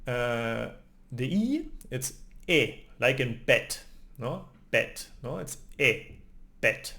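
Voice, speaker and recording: A man with a Spanish accent teaches pronunciation at an unhurried pace. His native-speaker voice carries a gravelly edge. He keeps checking in with a questioning tag after each point. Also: medium pitch, expressive, sharp tone. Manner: explains patiently with tag questions, often adds "no?". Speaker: language teacher. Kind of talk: spoken pronunciation lesson.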